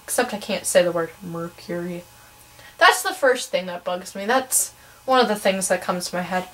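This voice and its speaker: A woman's voice: fairly low pitch, moderate pace, fairly bright tone, rough recording. A teenage girl from Wisconsin with a Midwestern American accent, ranting casually in a vlog, chatty and opinionated with lots of ums. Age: teens. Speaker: vlogger.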